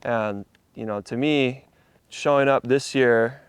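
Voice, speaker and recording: A man's voice: mid-range voice, slow, clean tone, no echo. A young man from Hawaii, a surfer telling a story in a casual interview with laid-back slang and a lot of swearing.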